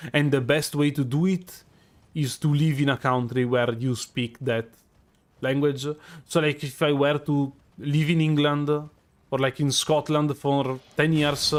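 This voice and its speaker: Italian-accented man chatting on a stream. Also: mid-range voice. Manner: hesitant, many fillers and restarts. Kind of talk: casual live-stream chat while gaming.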